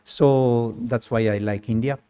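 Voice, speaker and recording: A man telling a lively personal story in halting, non-native English with small grammar slips, often laughing as he goes. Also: medium pitch, smooth. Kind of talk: personal anecdote in conversation.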